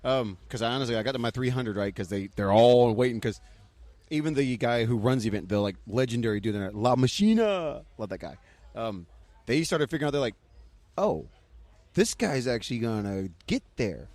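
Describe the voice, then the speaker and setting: A man talking fast as a podcast guest and racing through an excited story. He acts out what other people said and jumps up in pitch for those quotes. His pitch sits in the middle for a man. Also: dry recording. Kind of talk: casual chat.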